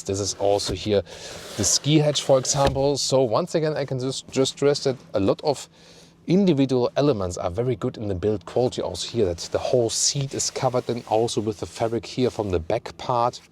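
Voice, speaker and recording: Standing beside a car outdoors in Scotland, a channel host with a German accent gives an upbeat walkaround review, pointing out features one by one in detail. His voice is fairly low and a little mellow, with slight background noise.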